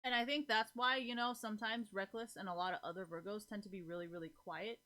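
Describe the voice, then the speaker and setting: This streamer's mid-range voice is fast, bright, and forceful, with a steady tone. She chats casually with her viewers, rambling through her thoughts with lots of fillers, frequent laughs, and offhand swearing.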